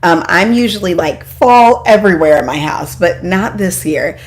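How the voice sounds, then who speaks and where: A woman hosting a casual live stream from home, chatty and excitable, joking at her own expense and greeting viewers by name. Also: fairly low pitch, moderate pace. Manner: self-deprecating, apologetic asides. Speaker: homeschool mom vlogger hosting a live stream.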